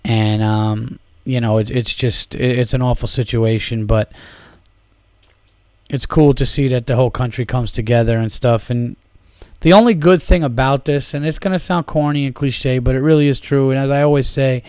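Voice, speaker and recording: A comedian hosting his own podcast, venting in a rambling, profanity-filled monologue full of fillers. His voice sits at an ordinary pitch for a man. The sound is close and dry. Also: steady tone, moderate pace, a little mellow, smooth, dry recording. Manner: rambling, heavy swearing, fillers. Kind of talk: profane solo podcast rant.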